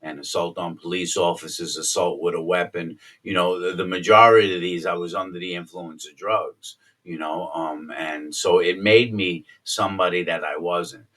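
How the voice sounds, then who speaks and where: A man with a low, deep voice talks through a personal story in a loose, rambling way, stopping for fillers and starting sentences over. His tone is bright and cutting. He sits a little back from the microphone. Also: steady tone, normal speed, hardly any pauses, recorded from a distance. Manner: rambling, lots of fillers and restarts, acts out quotes loudly.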